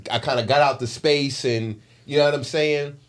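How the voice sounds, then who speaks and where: A man in his forties recounts a story on a podcast with animated, emotional delivery. His voice sits in a middle register and swings up and down in pitch and loudness as the story heats up. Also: normal speed. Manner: animated, emotional retelling with lively shifts in loudness. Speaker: podcast co-host. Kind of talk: storytelling in casual chat.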